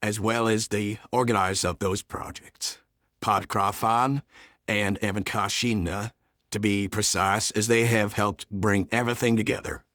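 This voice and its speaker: A man with a lowish voice delivers a channel update in a measured, slightly formal way, pausing on small hesitations. The recording is close and dry, with no room sound. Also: steady tone, a bit bright, dry recording. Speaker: dub team organizer.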